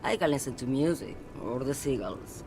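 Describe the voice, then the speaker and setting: A man voicing a weary, detached woman truck driver, talking in an unhurried, dreamy, aloof way. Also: medium pitch, animated, a little mellow, slight background noise, lightly acted.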